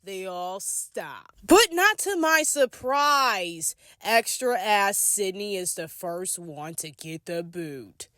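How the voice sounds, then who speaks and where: A woman's voice: medium pitch, expressive, takes it slowly, few pauses, bright, forceful tone, dry recording, clean studio sound. A woman giving a casual, sassy and slangy recap commentary of a reality show episode. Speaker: commentary vlogger.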